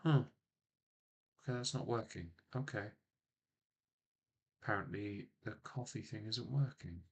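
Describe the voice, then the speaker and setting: With a fairly low voice and a measured pace, a man hosts a casual live stream from a small home office, picked up by a laptop microphone. His talk is rambling and full of fillers, and he keeps teasing his co-host.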